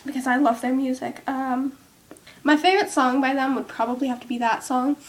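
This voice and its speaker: A young woman talks to her viewers in a high, light voice. She rambles in easy casual chat, full of fillers and "like". It's recorded at home on a cheap microphone with its top broken off. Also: level tone, fairly quick. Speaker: vlogger.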